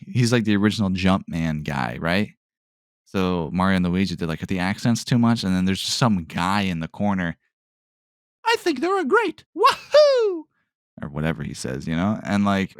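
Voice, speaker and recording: A man's voice: low-pitched, dry recording, clean studio sound. A man hosting a solo podcast in a casual, rambling way, often trailing off with "I don't know" and asking himself questions, with sarcastic asides. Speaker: podcast host.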